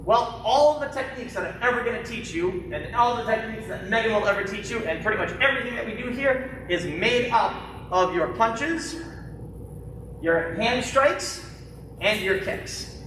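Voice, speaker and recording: A martial arts instructor teaching a live-streamed kids' class in a studio, calling out sharp commands and joking between drills. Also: mid-range voice, distant mic, background noise. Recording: very echoey studio heard from afar.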